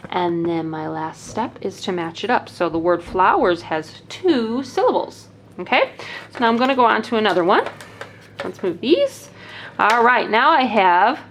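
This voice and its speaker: A woman teacher patiently demonstrating early-grade learning activities step by step, with a faint hiss behind her. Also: mid-range voice. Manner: clear, patient, explaining step by step.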